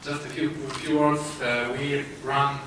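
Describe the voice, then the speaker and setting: A man with a Polish accent giving a conference talk, speaking haltingly with many filler sounds and restarts. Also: medium pitch, level tone. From Poland. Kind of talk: conference presentation. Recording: echoey hall, distant mic, noisy.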